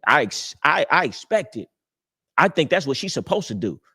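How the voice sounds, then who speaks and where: A man's voice: on the high side, very animated, normal speed, sharp tone, husky. A young man hosting a live stream, giving casual dating advice in a brash, boastful, profane street-talk manner. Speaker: livestream host.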